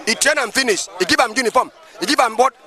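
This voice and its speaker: A man's voice: very high-pitched, animated, quick pace, crowd noise. A male pastor with a Nigerian accent, giving emphatic, preachy street commentary outdoors and firing off rhetorical questions.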